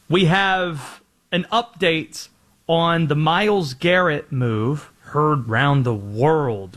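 Lively male sports show host. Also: on the high side. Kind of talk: sports news segment hosting.

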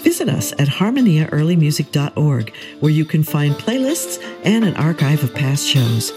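Woman radio host reading credits, lively up-and-down voice, music playing under her. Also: low voice. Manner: measured, articulate announcing. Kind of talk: scripted radio outro. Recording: studio voice over music.

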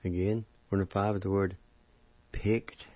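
A man teaching vocabulary on a radio language lesson, sounding out each word syllable by syllable in slow drills. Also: low voice, level tone, mellow, no room sound, highs cut off.

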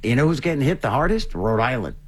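Guy hosting a radio talk show, animated, tells stories, voice goes up and down a lot. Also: medium pitch, fast talker, slightly rough. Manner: chatty, animated storytelling. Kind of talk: casual chat.

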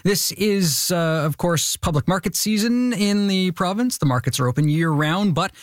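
A man's voice: high-pitched, animated, moderate pace, dry recording, clean studio sound. A man reading news headlines on the radio in a conversational way, with small fillers.

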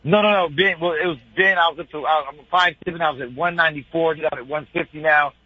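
A man calling in to a sports radio show, talking in an excitable, rambling, slangy way. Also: fairly high pitch, fast, husky, dry recording, dull audio. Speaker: regular radio caller. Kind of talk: casual call-in chat.

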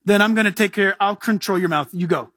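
A preacher voicing God, firm and commanding. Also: male voice, sits high, fast, fairly bright tone, no room sound, studio quality, voice pushed down. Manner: emphatic, insistent commands.

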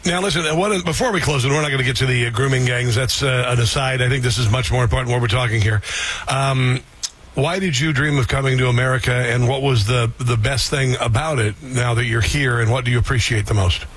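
Husky-voiced male radio host. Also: mid-range voice, fairly quick, a bit bright. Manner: eager, affirming interjections. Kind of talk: radio talk show hosting.

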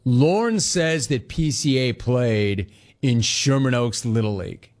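A man in his forties hosting a casual sports talk show, telling stories and answering his live chat. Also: mid-range voice. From Los Angeles area. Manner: animated storytelling, quick asides to chat.

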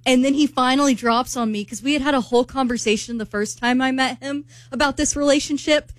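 A woman telling a story with lots of life, slipping into the voices of the people she quotes. Her voice sits a little high and sounds close and dry, with no room around it. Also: a little fast, no echo. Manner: animated storyteller, acts out dialogue. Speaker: co-host. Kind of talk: casual chat, storytelling.

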